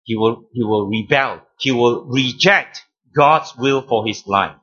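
A man preaching a sermon as pastor, teaching deliberately, stressing key words and repeating phrases. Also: medium pitch, fairly bright tone, husky, lo-fi sound.

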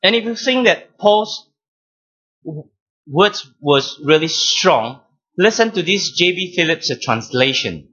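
Male pastor, fairly high voice, emphatic teaching sermon, dull lo-fi recording. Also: animated, sharp tone. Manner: deliberate teaching, stressing key words, repeating phrases.

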